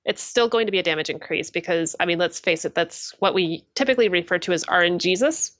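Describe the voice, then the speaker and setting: A woman's voice: fairly low pitch, quick pace, fairly bright tone, dry recording. A woman explaining game mechanics confidently in a casual podcast chat.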